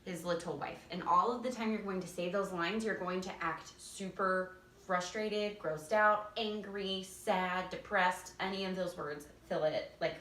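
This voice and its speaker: A woman theater teacher gives casual, enthusiastic stage directions, laughing often, in a medium-pitched, steady, slightly bright voice. She speaks a little slowly with hardly any pauses. The recording has a roomy echo, and she's distant from the mic.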